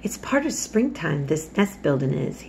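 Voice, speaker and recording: A woman voicing a gentle, patient country boy who speaks softly in Yorkshire dialect. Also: low voice, big pitch swings, moderate pace, vocal fry, a little hiss or hum, full character voice. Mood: hushed. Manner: hushed, soft-spoken.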